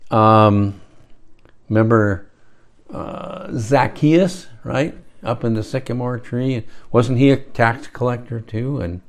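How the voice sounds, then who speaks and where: Guy preaching real slow and loose, trails off and restarts, keeps asking right?. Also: mid-range voice. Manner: rambling, with restarts and rhetorical asides. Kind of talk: conversational sermon.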